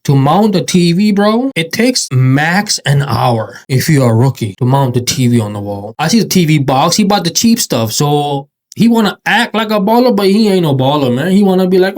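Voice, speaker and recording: A man's voice: a little high, very animated, normal speed, few pauses, darkish tone. A man hosting a reaction video, talking in a slangy, teasing and mocking way. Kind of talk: casual reaction commentary.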